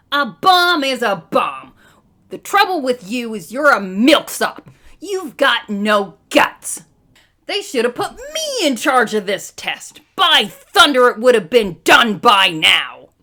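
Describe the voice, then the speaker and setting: A woman's voice: fairly high pitch, very animated, moderate pace, few pauses, pushed and bright, breathy edge, exaggerated voice. A woman voicing a blustering, hot-tempered old army general in a comic read-aloud. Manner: bellowing, blustery.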